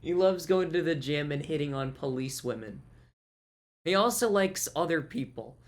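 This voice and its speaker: A man's voice: on the high side, expressive, normal speed. A man co-hosting a podcast in casual chat, rambling and profane, often breaking into laughter. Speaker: podcast co-host.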